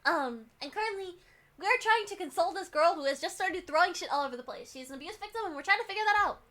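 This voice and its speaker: A woman's voice: very high voice, animated, fast, fairly bright tone. A woman streamer chatting casually with viewers, giggly and apologetic, swearing now and then. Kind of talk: casual live-stream chat.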